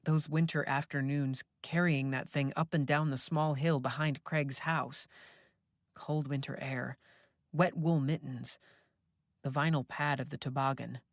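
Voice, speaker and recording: An unhurried, reflective storyteller reading a first-person ghost story. Each line is delivered slowly and with care, in a mid-pitched voice. The studio sound is dry and close, with no room around it. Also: steady tone, no room sound. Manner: measured, reflective. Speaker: audiobook narrator. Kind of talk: first-person horror audiobook narration.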